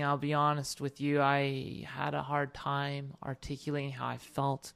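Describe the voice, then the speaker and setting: A preacher giving an informal sermon with a personal testimony, earnest and rising to loud, emphatic declarations. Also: medium pitch, smooth. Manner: retells stories with repeated "and all of a sudden".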